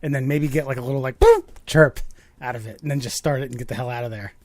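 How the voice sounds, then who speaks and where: A man's voice: medium pitch, fairly even intonation, racing, a little mellow. A man, co-hosting a podcast and telling a rambling story full of swearing and restarts. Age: 30s. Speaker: podcast co-host. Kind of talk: casual chat.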